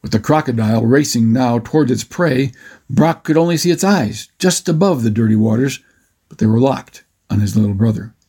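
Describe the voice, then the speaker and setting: A man narrating a children's adventure story with a steady, expressive reading. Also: mid-range voice, moderate pace, husky.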